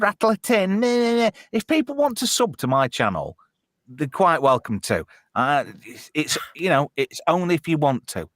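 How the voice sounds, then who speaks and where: A man's voice: mid-range voice, fairly bright tone, no echo, clean studio sound. A man hosting a casual live-stream chat, crude and full of swearing and laughter. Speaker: host.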